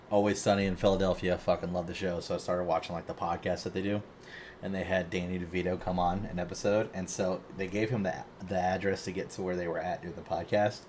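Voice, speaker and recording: A man's voice: sits low, darkish tone, a little hiss or hum. A man hosting a podcast, telling a long rambling story in casual chat and swearing constantly. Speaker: podcast host.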